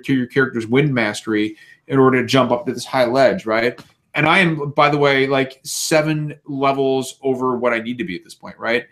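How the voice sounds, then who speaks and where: A man's voice: mid-range voice, a bit bright. A man on a casual podcast, ranting animatedly and swearing a lot. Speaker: podcast co-host. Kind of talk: casual chat.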